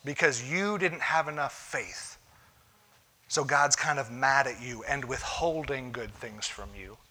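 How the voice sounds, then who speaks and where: A man's voice: mid-range voice, a little slow, pushed and bright. A man preaching a conversational sermon in a church, emphatic and often cutting in with "listen" to press a point. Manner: emphatic, keeps saying "listen". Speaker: pastor.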